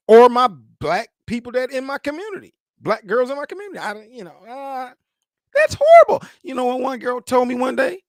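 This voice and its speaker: A man giving casual, animated commentary, laughing often and repeating himself. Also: very high voice, a little fast, no room sound, studio quality.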